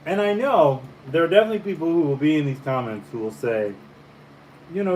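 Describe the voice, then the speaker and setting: Relaxed man telling a story. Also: a little high, fairly quick, poor audio. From Caribbean. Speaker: painter and vlogger. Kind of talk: casual breakfast vlog chat. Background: faint fan hum.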